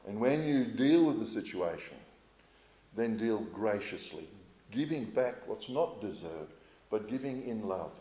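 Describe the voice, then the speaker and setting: A middle-aged man preaching a sermon in a measured, earnest way, with frequent hesitations as he speaks to a congregation. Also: on the low side, expressive, dark tone. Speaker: pastor. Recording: echoey, slightly dull room sound.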